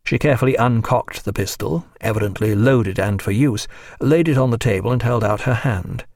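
A man narrating a novel in a measured, even audiobook reading. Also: lowish voice, dry recording, clean studio sound. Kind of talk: scripted narration.

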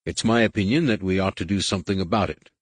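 A man's voice: deep voice, fast talker, no room sound, voice pushed up. A man reading the part of a blunt veteran pilot officer who speaks in a dry, businesslike way. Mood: dry firm.

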